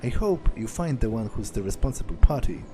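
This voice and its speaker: Formal, wary male servant, lively pitch, read by a man. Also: fairly quick, over music, lightly acted. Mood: guarded. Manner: formal, suspicious. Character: stiff defensive loyal male house servant.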